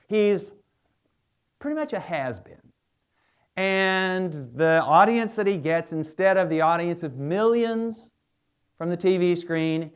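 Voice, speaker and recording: Biographer guy giving a talk, lively up-and-down voice, lots of you-knows and side stories. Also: a little high. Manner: animated, chatty storyteller with many asides. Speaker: historian and biographer giving a lecture. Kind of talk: public lecture, storytelling.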